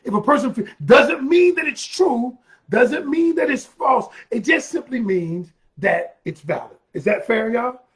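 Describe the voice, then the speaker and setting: A man giving an emphatic motivational talk as a relationship coach, repeating phrases and bursting into loud, heated stretches. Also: extremely high pitch, animated, a little slow.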